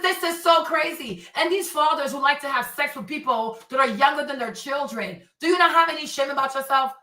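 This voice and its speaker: Bright exasperated woman roasting celebrities. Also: sits high, reverberant, recorded from a distance, low-quality recording. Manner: animated, exasperated, roasting, mixes in Spanish phrases. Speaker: commentary show host. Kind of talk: uncensored celebrity commentary.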